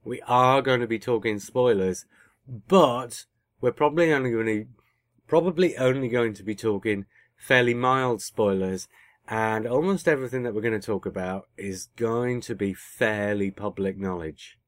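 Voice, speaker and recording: A man's voice: medium pitch, normal speed, no echo, clean studio sound. A man co-hosting a podcast, chatting casually and often correcting himself mid-sentence. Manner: chatty, self-correcting, teasing. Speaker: podcast co-host. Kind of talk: casual chat.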